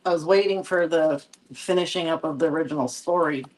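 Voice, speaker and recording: A woman's voice: sits low, a little fast, low-quality recording. Woman host, chatty, teasing, just hanging out talking. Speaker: podcast co-host. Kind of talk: casual live chat.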